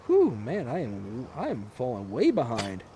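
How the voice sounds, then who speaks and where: A man's voice: medium pitch, wildly swooping pitch, measured pace, mellow, slight background noise. A man hosting a farming game livestream, reading viewer comments aloud in a chatty manner and laughing often. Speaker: livestream host.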